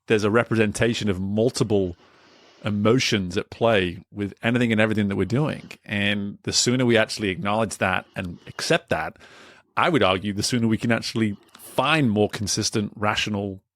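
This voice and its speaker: A man hosting a podcast interview, talking in an animated, casual way with many restarts. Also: fairly low pitch, brisk, no room sound, studio quality. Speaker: podcast host and coach.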